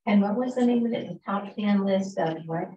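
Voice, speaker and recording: A woman's voice: mid-range voice, a little fast, warm tone. A woman in a casual group discussion who hesitates and searches for her words. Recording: roomy, distant, dull table mic.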